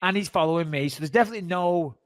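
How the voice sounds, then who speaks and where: A middle-aged man hosting a podcast, telling a story in casual chat, lively and swearing freely. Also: on the high side, racing, dry recording. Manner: animated, swears freely, acts out voices in anecdotes. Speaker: podcast host.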